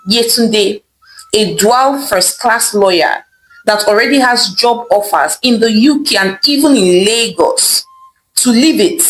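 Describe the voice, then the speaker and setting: A woman's voice: on the high side, a bit bright, rough recording. A woman voicing a scornful young lawyer daughter, who mocks and dismisses what she hears. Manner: mocking, dismissive, laughing.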